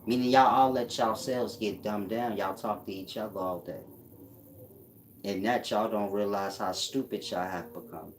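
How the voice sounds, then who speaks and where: A man's voice: fairly low pitch, steady tone, normal speed, slight background noise. A man hosting a casual livestream, reading out chat comments and answering them in a blunt, mocking way with frequent laughs. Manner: blunt, mocking, laughs at his own jabs.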